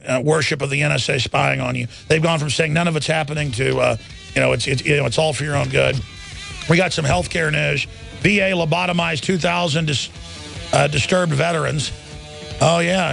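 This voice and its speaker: A man's voice: on the high side, creaky, fairly bright tone. A man hosting a radio talk show, ranting intensely about the government and taking calls.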